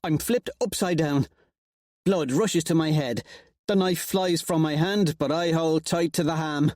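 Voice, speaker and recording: A man narrating an audiobook with an expressive, wry first-person reading. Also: a little high, unhurried, no room sound, studio quality.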